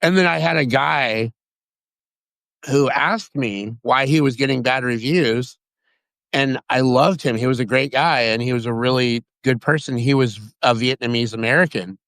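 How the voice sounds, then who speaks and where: A guest from Sacramento, California chats casually, telling stories in an excitable, rambling way and restarting often. He has a medium-pitched voice at normal speed, with no echo.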